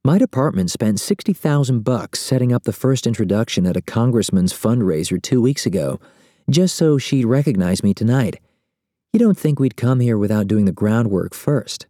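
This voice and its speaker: A man reading a story aloud, voicing a young woman agent who is secretive and speaks quietly. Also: medium pitch, animated, normal speed, dry recording, clean studio sound, voice pushed up, close to an everyday voice. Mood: blunt. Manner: quiet, hushed delivery.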